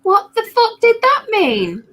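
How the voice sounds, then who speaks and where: A woman's voice: extremely high pitch, wildly swooping pitch, slow, fairly bright tone. A woman chatting casually, giggly and curious, asking lots of questions about accents. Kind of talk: casual chat.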